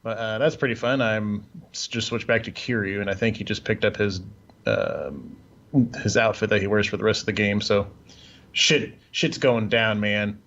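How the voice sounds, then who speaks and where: A man's voice: on the low side, normal speed, a bit bright. Man rambling casually over muffled audio. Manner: loose, rambling, swears freely. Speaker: podcast co-host. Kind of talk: casual chat.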